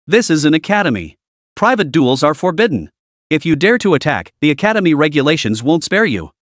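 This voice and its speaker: A man's voice: fairly high pitch, sing-song, fairly quick, no echo, clean studio sound. A man voicing a jealous, sneering young male student who taunts his rivals in a storybook recap. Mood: frightened bluster. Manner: mocking, taunting.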